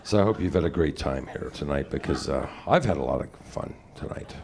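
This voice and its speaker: A man's voice: a bass voice, expressive, fairly quick, creaky. A middle-aged man doing a wry, rambling stand-up comedy set on a comedy club stage. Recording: noisy live club recording.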